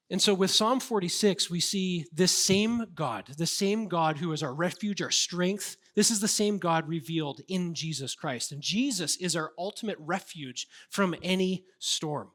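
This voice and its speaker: A man's voice: high voice, fairly bright tone. A man preaching a sermon as a pastor, earnest and conversational, with casual fillers.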